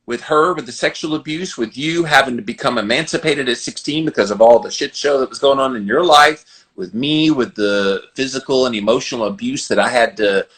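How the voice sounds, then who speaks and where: A podcast host with a Southern American accent talks in an animated, earnest way. His voice has a bright, forward ring, and he sits at a middle pitch for a man. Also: brisk. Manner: animated, earnest, advice-giving. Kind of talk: conversational interview.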